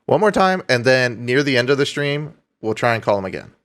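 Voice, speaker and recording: A young man talks casually on a live stream, his voice sitting at an ordinary middle pitch. He swears freely, laughs often, and thanks his viewers as he reads out their donations. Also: fairly quick, a bit bright.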